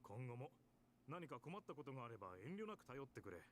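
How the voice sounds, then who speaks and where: A reassuring, courteous older gentleman from a game. He speaks very fast with a lively, rolling pitch. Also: slight background noise.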